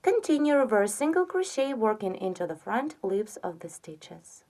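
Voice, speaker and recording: A woman giving a step-by-step crochet tutorial, patiently counting stitches aloud and softly trailing off on the counts. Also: medium pitch, big pitch swings, normal speed. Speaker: crochet instructor.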